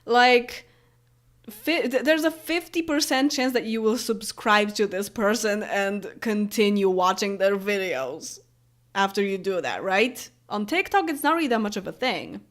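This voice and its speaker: This late-twenties YouTuber from Poland chats easily with her audience, responding to comments, rambling, laughing and filling gaps with fillers. She speaks with a Polish accent in an animated, medium-pitched voice, a little slow.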